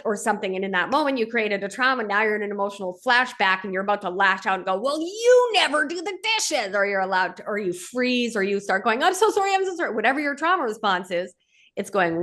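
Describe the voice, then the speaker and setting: A woman of middle pitch talks on her podcast in a relaxed, conversational way. She is earnest and direct, and she often checks in with the listener. Her voice softens and slows when she offers comfort. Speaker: podcast host and men's coach.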